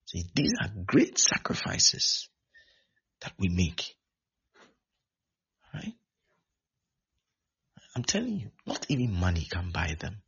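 A pastor preaching in a low, husky voice full of gravelly rasp, repeating his exhortations again and again. His pitch swings widely from low murmurs to high calls, on a dull lo-fi recording. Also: huge pitch swings, takes it slowly, long pauses, fairly bright tone. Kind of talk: sermon.

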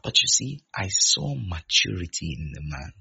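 Male preacher, low husky gravelly voice, dull lo-fi recording, acts out quotes mid-sermon. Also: big pitch swings, normal speed, sharp tone.

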